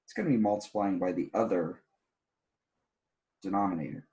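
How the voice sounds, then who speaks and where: A man's voice: low-pitched, normal speed, mellow. A tired man teaching a recorded algebra lesson, walking through problems step by step and stressing the rules plainly. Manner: plainspoken, repeats key rules with emphasis. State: tired, yawning. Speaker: math teacher. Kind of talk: recorded classroom math lesson.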